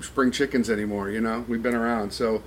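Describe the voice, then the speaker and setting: A man's voice: medium pitch, brisk, slight background noise. A middle-aged man, a band's singer, talking casually in an interview and acting out what his bandmates say. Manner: animated, acts out bandmates' remarks.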